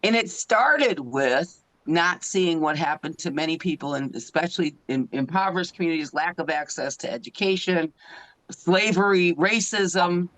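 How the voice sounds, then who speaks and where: A woman's voice: fairly low pitch, normal speed, fairly bright tone, rough recording. Middle-aged woman, passionate advocate speaker, emotional and direct, talking over a phone. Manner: earnest, emotional, keeps asking the audience "right?". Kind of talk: impassioned public talk.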